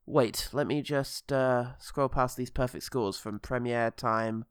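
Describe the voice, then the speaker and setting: A man's voice: mid-range voice, fairly even intonation, slow, clear, resonant tone, dry recording, clean studio sound. A man from England co-hosting a comedy podcast, playful and sarcastic, swearing freely. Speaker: podcast co-host. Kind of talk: casual comedic chat.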